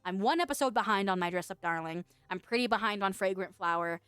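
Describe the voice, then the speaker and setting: A woman streaming as a VTuber, chatting casually with viewers, playful and quick to laugh, with casual swearing. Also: mid-range voice, a bit bright, clean tone, no echo. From United States. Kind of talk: casual chat reading viewer messages.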